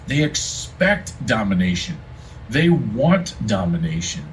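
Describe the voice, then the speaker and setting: A man's voice: medium pitch, very animated, slow, far from the mic, a little hiss or hum, poor audio. A man giving a football analyst's emphatic, storytelling breakdown of a game moment. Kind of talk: casual commentary breakdown.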